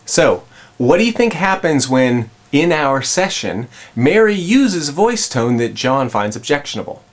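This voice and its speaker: Man telling a relationship-coaching story. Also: medium pitch. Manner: conversational, acts out quotes. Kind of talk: storytelling talk.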